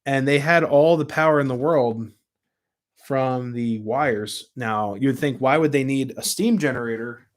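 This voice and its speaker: A man's voice: mid-range voice, measured pace. A man casually hosting a live stream from home, rambling through his points and answering viewer comments as he goes. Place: home room with model trains. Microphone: camera mic at his desk.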